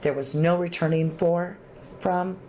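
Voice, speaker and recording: A woman's voice: on the low side, steady tone, a little slow, slight background noise. Chatty woman hosting a true crime livestream. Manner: warm, chatty, thanks viewers with endearments. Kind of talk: casual livestream chat reading comments.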